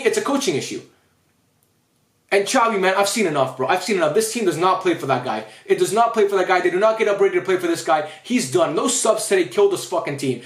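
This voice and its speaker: Fast, high-voiced angry man ranting. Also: roomy sound. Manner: angry, frustrated, swearing often. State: upset. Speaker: football fan vlogger. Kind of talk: post-match rant.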